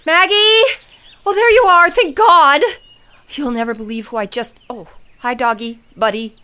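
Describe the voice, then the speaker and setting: A woman's voice: high-pitched, measured pace, bright, forceful tone. An actress playing a flustered, bewildered woman who is a chef, in an audio drama. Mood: anxious.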